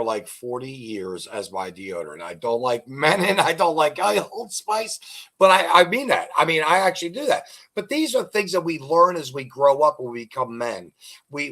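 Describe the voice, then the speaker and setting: With a sharp-toned voice on the high side, a middle-aged man hosting an interview chats casually and rambles through long jokes and stories.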